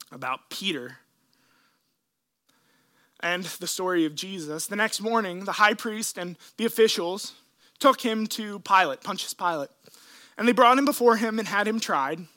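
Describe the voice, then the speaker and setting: Bright, high-voiced man preaching. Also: animated. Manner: earnest, emotional storytelling with dramatic pauses. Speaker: pastor. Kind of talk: sermon.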